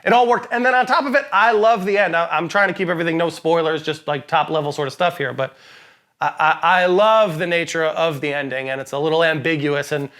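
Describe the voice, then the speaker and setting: High-voiced, emphatic male film reviewer. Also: a little fast, a bit bright. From lives in Boston. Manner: emphatic, opinionated, laughs often. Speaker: podcast co-host. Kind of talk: casual movie review chat.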